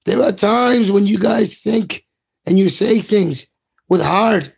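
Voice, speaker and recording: A man's voice: sits high, slow pace, creaky, slightly rough. A man delivering an impassioned, profane video rant as a commentator. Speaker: political commentator.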